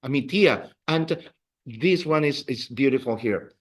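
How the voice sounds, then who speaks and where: Slow, animated male Spanish teacher. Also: medium pitch. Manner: patient, repeats words for the class to echo. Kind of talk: classroom language lesson. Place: classroom.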